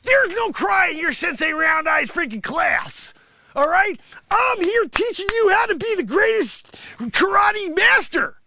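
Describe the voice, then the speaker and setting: A man playing a boastful, money-grubbing karate sensei who scolds his class and breaks into shouts. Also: extremely high pitch, big pitch swings, unhurried, creaky, a little hiss or hum, full character voice. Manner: bragging, scolding, swings into shouts. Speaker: livestream host. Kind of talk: improvised comedy character bit.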